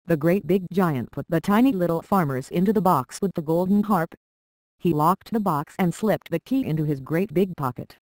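A narrator reading a children's storybook aloud with a steady, even delivery. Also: medium pitch, normal speed, dry recording, rough recording.

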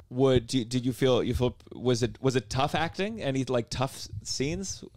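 A man's voice: mid-range voice, unhurried, no echo, studio quality. A man hosting a podcast in casual chat, rambling and playful, often stumbling and restarting. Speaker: podcast host.

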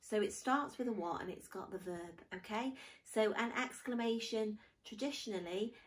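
A woman's voice: mid-range voice, moderate pace, far from the mic, rough recording. A woman teaching a grammar lesson to pupils, patiently explaining step by step with examples.

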